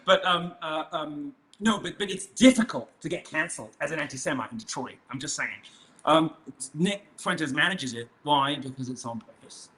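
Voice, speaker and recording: Guy with a bright tense voice, kinda high, rambles and restarts a lot, mocking tone. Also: moderate pace. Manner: rambling, with many restarts and fillers; mocking, provocative. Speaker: interview guest. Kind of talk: casual interview conversation.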